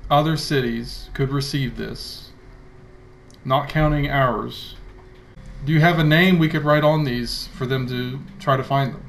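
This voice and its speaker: A man acting as dungeon master narrates a tabletop game over console party chat, his medium-pitched voice slightly bright with a bit of background noise. His narration is hesitant, packed with fillers and restarts.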